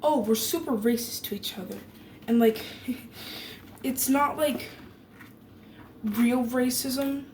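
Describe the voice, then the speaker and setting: A woman's voice: fairly high pitch, takes it slowly, long pauses, darkish tone. A teenage girl from Germany, chatting casually and rambling while she bakes, full of fillers and sarcastic asides. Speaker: vlogger. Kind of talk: casual chat while baking. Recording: echoey room with noisy background.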